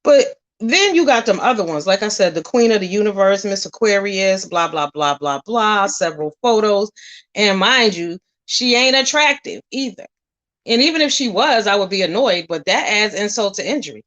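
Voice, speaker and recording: A woman vlogger ranting at the camera in a blunt, profane way, firing off rhetorical questions and telling animated stories. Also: medium pitch, normal speed, dull audio. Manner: animated storytelling, drifting between loud and soft. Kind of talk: casual straight-to-camera rant.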